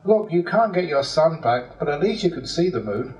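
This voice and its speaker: A man's voice: fairly high pitch, animated, moderate pace, darkish tone, lightly acted. A man voicing a young male actor who whines and sobs like a sad boy, recorded in a roomy hall from a distance. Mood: pointed. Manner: whining, sobbing.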